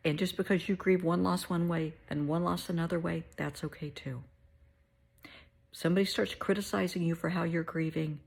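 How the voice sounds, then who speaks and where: A middle-aged woman hosting a heartfelt pep talk, soothing and motherly, sometimes dropping to a soft whisper. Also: deep voice, steady tone, normal speed, vocal fry, pauses often, breathy edge. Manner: soothing, motherly, calls listener honey; drops to soft whispers at times. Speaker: host.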